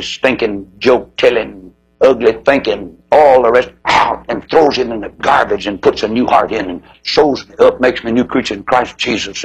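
A man preaching an impassioned revival sermon, swinging from loud high cries to low hushed tones. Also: slightly rough, rough recording.

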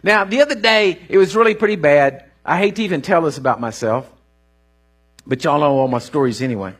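A middle-aged man, preaching a sermon in an animated, folksy storytelling way with rising bursts and a husky voice. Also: a little high, a little fast. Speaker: pastor.

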